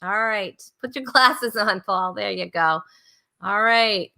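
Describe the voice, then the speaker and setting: A woman's voice: medium pitch, takes it slowly, vocal fry, sharp tone. A woman hosting a casual comedy game show, chatty and laughing often.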